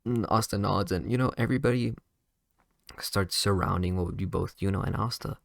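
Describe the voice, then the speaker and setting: A man's voice: sits low, brisk, gravelly, dry recording, studio quality. A man casually improvising a fan story, rambling with lots of fillers and restarts.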